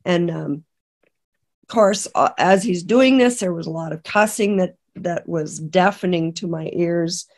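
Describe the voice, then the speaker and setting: A middle-aged woman from Canada, a podcast guest, telling an emotional personal testimony in a halting way with many restarts. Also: fairly low pitch. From British Columbia, Canada. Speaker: interview guest.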